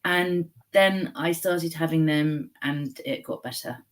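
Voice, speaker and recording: A woman, a comedian guest on a radio show, speaking in a halting, thoughtful way with fillers and sudden quick runs. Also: sits low, slight background noise. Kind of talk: casual chat.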